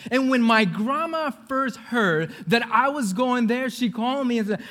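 A male preacher from California delivering a sermon as an animated storyteller who acts out the voices of the people in his story. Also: extremely high pitch, a little slow, hardly any pauses, big-room sound.

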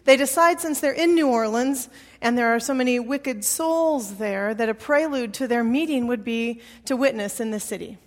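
A woman's voice: on the high side, moderate pace. A woman preacher delivering a sermon, telling stories and driving points home with repetition. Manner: storytelling, emphatic with repetition. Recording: long hall reverb.

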